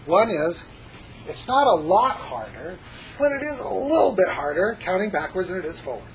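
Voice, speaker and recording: A man teaching a hypnosis class, jumping between a lively, joking lecture voice and soft, slow hypnotic demonstrations. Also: high voice, rough recording. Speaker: hypnosis instructor. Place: classroom with students.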